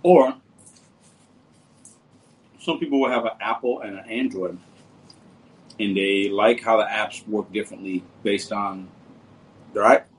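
Male livestream host, relaxed and jokey, slightly low voice. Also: a little slow, pauses often, slightly rough, rough recording. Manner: laid-back, joking, talks to viewers as brother and bro. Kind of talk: casual livestream chat reading comments.

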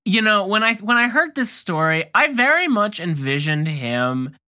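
Animated, bright-voiced podcast co-host. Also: mid-range voice, normal speed. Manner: animated and playful. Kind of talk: casual chat.

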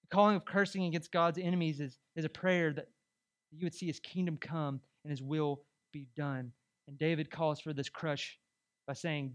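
A male pastor's sermon comes across as animated and chatty, loaded with rhetorical questions for the congregation. His voice is on the high side at a moderate pace, and the audio is dull.

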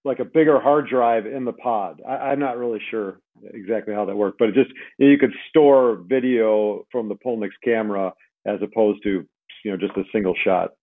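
A man speaks in a slightly low voice and answers hesitantly, often admitting he isn't sure. He comes through a narrow, tinny phone line. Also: normal speed. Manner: hesitant, unsure. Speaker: guest. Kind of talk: casual recollection.

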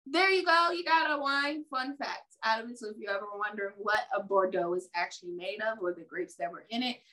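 With a bright, forceful tone at medium pitch and a brisk pace, this podcast co-host keeps the casual chat playful. She reads wine labels out loud and signs off with announcer flourishes.

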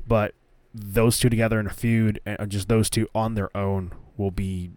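A young man hosting a wrestling podcast alone, chatting casually and getting excited, often repeating words. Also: fairly low pitch, normal speed, no room sound. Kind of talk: casual solo commentary.

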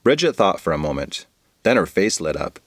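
A man's voice: deep voice, big pitch swings, normal speed, dry recording, clean studio sound. A man narrating a goofy children's story in a playful, comic manner. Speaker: podcast storyteller.

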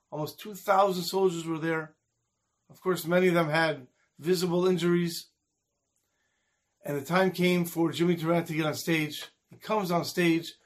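A man with a fairly high voice delivers a storytelling sermon. He narrates with animated energy and builds toward a moral lesson. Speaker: speaker at a community event.

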